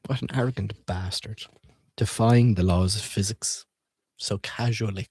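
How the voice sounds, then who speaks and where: Reading children's books aloud on a stream, this man reviews them with profane, irreverent jokes and questions for his viewers. He speaks at a measured pace in a lowish, slightly rough, somewhat mellow voice with fairly even intonation, and the recording is dry.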